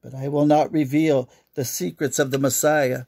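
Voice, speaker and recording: A man voicing a grown shepherd who speaks with firm, quiet defiance. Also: medium pitch, fairly even intonation, moderate pace, vocal fry, slightly rough. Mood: defiant.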